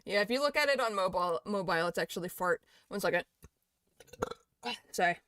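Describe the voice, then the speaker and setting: This young adult creator answers allegations in casual, profanity-filled commentary, reading posts aloud and responding. The medium-pitched voice is animated, fairly quick, bright and forceful, with no echo.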